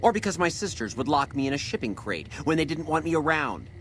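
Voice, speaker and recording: A man's voice: fairly high pitch, very animated, brisk, fairly bright tone, slight background noise. An actor playing an arrogant, volatile male chef who delivers bellowing, profane tirades in a video game. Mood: raging.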